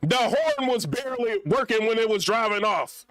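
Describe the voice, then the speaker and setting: A man's voice: very high-pitched, expressive, normal speed, a bit bright. A young man vlogging in a casual, rambling rant full of slang.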